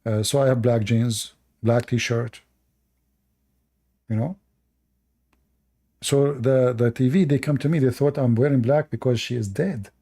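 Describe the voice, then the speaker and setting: A man's voice: mid-range voice, measured pace, long pauses, mellow. A man from the Middle East hosting casual commentary, rambling bluntly and crudely with many fillers and restarts. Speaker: host.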